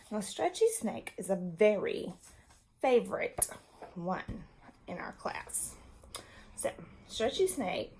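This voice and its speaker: A woman's voice: mid-range voice, darkish tone, a little hiss or hum. A woman teacher patiently explaining reading strategies to young children and their parents. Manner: slow, patient, demonstrative explanation.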